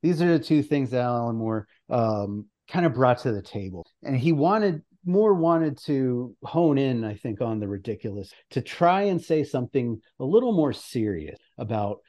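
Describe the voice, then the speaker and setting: A man's voice: mid-range voice, lively intonation, normal speed, few pauses, mellow. Rambling, laughing man on a podcast. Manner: rambling, swears and laughs often. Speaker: guest presenter. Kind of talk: casual podcast chat.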